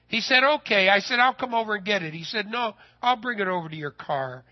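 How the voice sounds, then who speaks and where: A man telling a personal story in a sermon, folksy and animated, his voice rising when he gets excited. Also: high-pitched, a little fast, few pauses, lo-fi sound.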